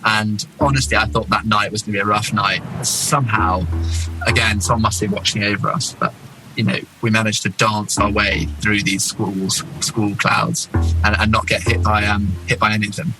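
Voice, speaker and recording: A man, an explorer telling an expedition story with animated asides and many fillers. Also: lowish voice, moderate pace, creaky, over music, low-quality recording. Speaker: explorer guest. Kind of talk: casual storytelling.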